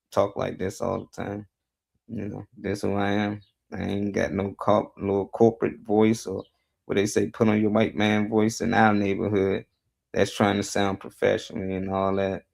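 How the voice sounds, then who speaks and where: A man's voice: on the low side, little pitch movement, normal speed, gravelly, darkish tone. A man talking bluntly and casually on a live talk show, laid-back and profane as he tells his views.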